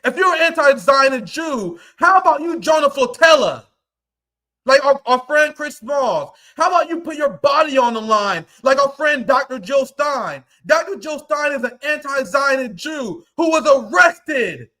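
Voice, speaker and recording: A male livestream host delivering an angry, profane rant, often breaking into shouts. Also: very high voice, animated, a little slow.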